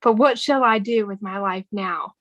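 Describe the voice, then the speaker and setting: A woman's voice: mid-range voice, moderate pace, no room sound, rough recording. A woman co-hosting a podcast, chatting casually and reading quoted movie lines aloud in an earnest tone. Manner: reads quoted film dialogue aloud, warm and earnest. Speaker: podcast co-host. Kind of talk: casual movie recap chat.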